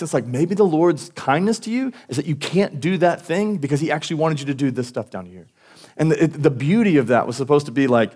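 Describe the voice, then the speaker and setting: A pastor delivering a sermon at a church service, talking informally with many restarts and fillers. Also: male voice, on the high side, animated, a little fast, darkish tone.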